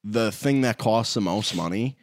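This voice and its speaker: A young man with a fairly low voice, joking and laughing through a loose podcast chat and swearing freely. The sound is close and dry. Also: moderate pace, no room sound. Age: 20s. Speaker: podcast co-host. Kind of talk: casual chat.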